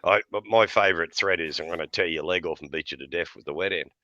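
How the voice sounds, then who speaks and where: Middle-aged man, low voice, bright tone, dry close sound, swears and chuckles. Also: quick pace, dry recording, highs cut off. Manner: blunt, profane, laughs often between lines. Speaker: podcast host. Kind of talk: casual chat, storytelling.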